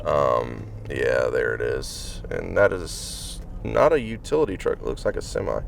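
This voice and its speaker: A man's voice: rumbling low, expressive, a little slow, gravelly, slight background noise. A male police officer narrating calls and questioning a driver in a laid-back, matter-of-fact way. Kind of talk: casual on-duty narration and questioning.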